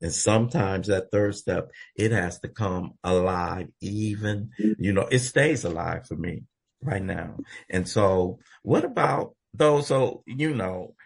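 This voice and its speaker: A man's voice: lowish voice, slow pace, creaky, husky. A man from Los Angeles, co-hosting a recovery podcast, talks in an earnest, folksy way like a preacher. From Los Angeles, USA. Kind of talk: conversational sharing.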